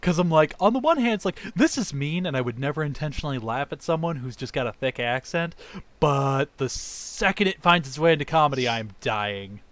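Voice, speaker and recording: A man in casual chat among friends, his slightly high voice swooping up and down as he tells stories. He laughs often and acts out what he said before. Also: fairly quick. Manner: animated, laughs often, quotes himself. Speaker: tabletop game player.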